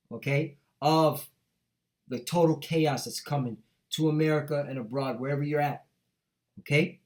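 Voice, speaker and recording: Heated profane street preacher man. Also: on the high side. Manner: heated, profane, punctuates with "all right?" and "man". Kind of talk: street sermon reading scripture.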